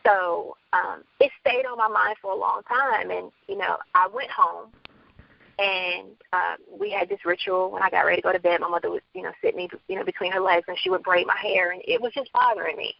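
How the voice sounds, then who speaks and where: A woman's voice: fairly low pitch, lively intonation, brisk, vocal fry, no echo, muffled recording. A woman from the Bronx, an author guest, telling her story candidly in an interview and acting out quoted dialogue. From Bronx, New York.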